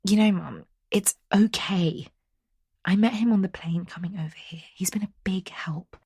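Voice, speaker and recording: A woman voicing a smitten young woman who speaks in a hushed, secretive, amused whisper. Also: mid-range voice, moderate pace, slightly rough, no room sound, voice pushed up. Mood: hushed, smiling.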